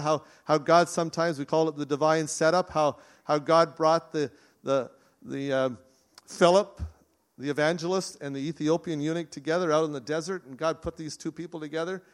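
Earnest man preaching a sermon. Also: on the high side. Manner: earnest, with frequent restarts. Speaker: pastor. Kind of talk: conversational sermon.

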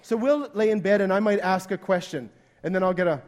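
A man's voice: sits high, fast, darkish tone. A male pastor preaching a sermon in a conversational way, acting out the voices he quotes.

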